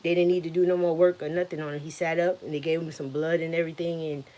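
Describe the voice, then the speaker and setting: A woman with a notably low voice tells a personal story in a blunt, animated way. Her speech is profane and direct, and she relives the moment as she talks. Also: quick pace. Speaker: guest telling her story.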